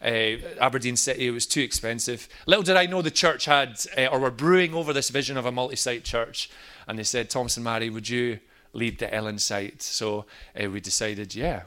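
A man's voice: medium pitch, brisk, gravelly. A man, a pastor, sharing a personal testimony in a storytelling manner. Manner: storytelling, animated in quoted moments.

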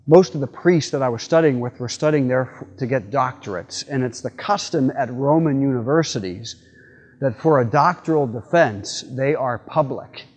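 A middle-aged man, a priest, giving a homily in a church with relaxed, folksy storytelling and frequent fillers. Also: mid-range voice, normal speed, highs cut off. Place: church sanctuary.

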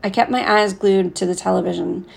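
Woman narrating a story, gravelly. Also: mid-range voice, steady tone, a little fast. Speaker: audiobook narrator. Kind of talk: scripted narration.

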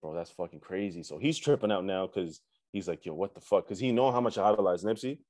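A young man from Canada, a musician telling a story in a relaxed, slangy chat full of fillers. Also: low-pitched, quick pace, no room sound. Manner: laid-back slangy talk with many fillers and profanity. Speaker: musician guest.

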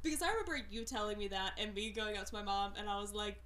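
A woman's voice: mid-range voice, expressive, fast talker. Woman telling a story over background noise. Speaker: podcast co-host. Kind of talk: casual chat. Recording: clear background noise with clicks.

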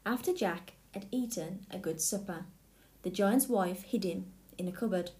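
A woman reading a fairy tale aloud in a clear, steady way. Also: mid-range voice, normal speed. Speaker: storyteller. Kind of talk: storybook read-aloud. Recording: echoey room.

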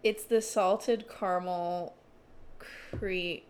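A woman's voice: lowish voice, steady tone, very slow, darkish tone. A young woman co-hosting a podcast in casual chat, rambling and giggly with lots of fillers. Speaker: podcast co-host.

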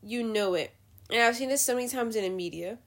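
A woman's voice: on the high side, fast talker, fairly bright tone. Blunt, profane woman ranting her opinions. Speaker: podcast host. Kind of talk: casual opinion rant.

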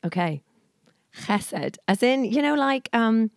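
Woman, forties, informal sermon, chatty and laughing, lots of ums, mid pitch, dry close sound. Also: unhurried, no room sound. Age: 40s. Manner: chatty, laughing, many fillers. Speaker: church speaker.

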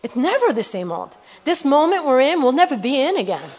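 An earnest woman with a somewhat high voice gives a conversational sermon about missionary work. She keeps checking in with her listeners through "you know" and "okay?", and she reads scripture verses at a quick clip. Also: very animated, darkish tone. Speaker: missionary speaker.

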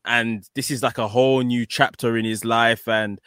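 A man hosting a podcast in casual chat, emotional and gushing, repeating words when excited. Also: medium pitch, normal speed, smooth, no room sound, clean studio sound. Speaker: podcast host.

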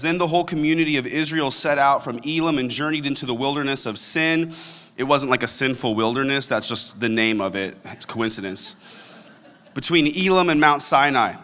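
A man preaching as a pastor, his voice bright and forceful and set a bit high. He talks in a lively, casual way and slips into quoted complaints. The sound carries a long hall reverb. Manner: animated, acts out quoted complaints. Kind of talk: sermon. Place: large church auditorium.

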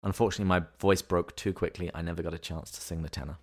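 A man co-hosting a podcast, explaining literature and theology in a measured, lecturing way. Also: deep voice, steady tone. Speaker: podcast co-host.

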